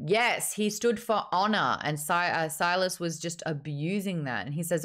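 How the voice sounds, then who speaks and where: A woman's voice: lowish voice, a little slow, fairly bright tone. A woman hosting a casual live-streamed book chat, playful and teasing, with a bit of swearing. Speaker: host.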